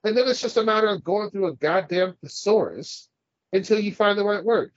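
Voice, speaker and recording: A man's voice: high voice, expressive, fairly quick, no room sound, muffled recording. A man co-hosting a casual podcast, ranting and swearing as he argues his point. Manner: profane, ranting, argumentative. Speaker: podcast co-host.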